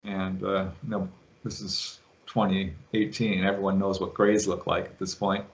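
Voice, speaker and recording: A man guest on an interview show, retelling a witness's story with lively quoted voices. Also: deep voice, moderate pace, highs cut off. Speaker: guest, UFO researcher.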